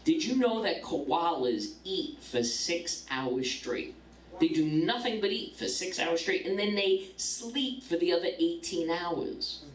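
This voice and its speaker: A woman's voice: on the low side, expressive, a little slow, reverberant, recorded from a distance, poor audio. A middle-aged woman doing a stand-up comedy set, brash and profane, landing punchlines.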